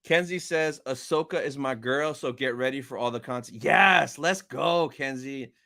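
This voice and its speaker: Excitable young man hosting a livestream. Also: mid-range voice, normal speed. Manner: excitable, reads chat aloud, chatty. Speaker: livestream host. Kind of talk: casual live-stream chat.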